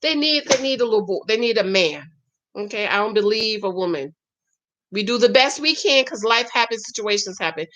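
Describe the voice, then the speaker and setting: A woman's voice: medium pitch, a bit bright, highs cut off. A woman vlogger chatting casually while reading viewer comments, emphatic and talkative, often adding "okay?". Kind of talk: casual live-stream chat.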